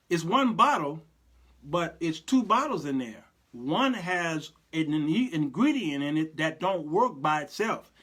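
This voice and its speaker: A man's voice: on the high side, a bit bright. Laughing folksy male show host. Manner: folksy, preacherly, laughs often. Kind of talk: casual live-show monologue.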